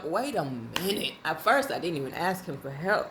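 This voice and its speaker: A woman vlogger telling a casual story in a lively, colloquial way, often breaking into laughter. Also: medium pitch, normal speed, hardly any pauses, a little hiss or hum. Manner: animated, laughing, colloquial and conversational.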